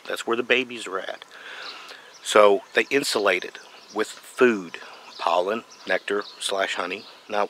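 A man giving a folksy, animated how-to explanation as a beekeeping vlogger, outdoors. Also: medium pitch, a little hiss or hum. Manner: folksy, animated, playful asides. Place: outdoors by a tree and truck.

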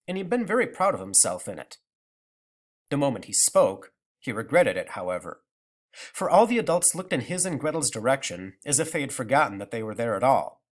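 A man reads a novel aloud in an expressive storytelling manner. His pitch rises and falls in lively swings, and it sounds like a plain home audiobook recording. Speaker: narrator. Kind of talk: audiobook reading.

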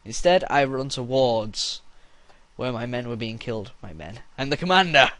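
Young guy playing a game and yelling death at everyone, crude and rowdy, mid pitch. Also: animated, moderate pace, no echo. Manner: crude, rowdy, shouts battle cries. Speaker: gameplay commentator. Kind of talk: gameplay commentary.

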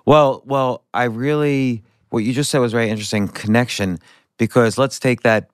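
A man's voice: mid-range voice, fairly even intonation, moderate pace, smooth, dry recording, clean studio sound. A middle-aged man hosting a podcast, telling a story in a rambling, self-correcting way. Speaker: podcast host. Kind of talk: casual conversational interview.

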